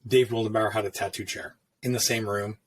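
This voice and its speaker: Brisk and breathy-edged, his lowish voice holds a fairly even intonation. The middle-aged tattoo artist tells shop stories in a relaxed, cursing style, playing out the dialogue people directed at him during casual conversation.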